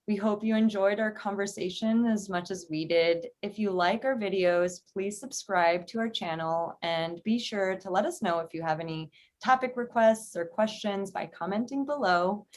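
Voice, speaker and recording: A woman's voice: medium pitch, moderate pace, few pauses. A woman co-hosting a casual chat, reflecting briefly and then signing off the episode. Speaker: co-host. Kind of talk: casual chat, show sign-off.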